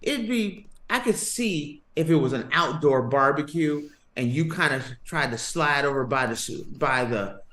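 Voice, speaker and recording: A man hosting a comedic podcast, telling stories with lively, laughing delivery. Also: on the high side, unhurried, few pauses. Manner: animated storytelling, laughing often. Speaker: podcast host. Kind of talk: comedic sports podcast banter. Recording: echoey room with faint noise.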